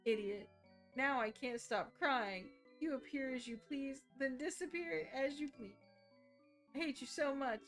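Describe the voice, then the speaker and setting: A woman's voice: high-pitched, a little slow, fairly bright tone, faint music behind. A woman reading aloud as a fiery teenage shrine maiden heroine, brash and scolding. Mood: tearful scolding. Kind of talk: reading game dialogue aloud.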